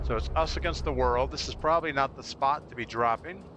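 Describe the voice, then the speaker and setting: A man's voice: medium pitch, fast, few pauses, noisy background. A man chatting casually with his viewers while he plays and comments on a live game stream. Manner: chatty, talks straight to viewers between plays.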